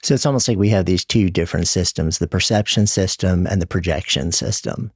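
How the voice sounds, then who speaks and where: A man's voice: low-pitched, brisk, slightly rough, dry recording, clean studio sound. A young man talking casually as a guest, thinking aloud with lots of "like". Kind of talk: casual conversation.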